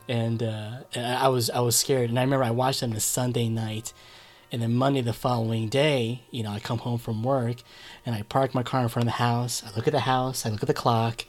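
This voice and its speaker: A man's voice: mid-range voice, little pitch movement, brisk. A man in his forties co-hosting a casual movie chat, eager and tripping over his words as he restarts. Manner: enthusiastic, stumbling restarts.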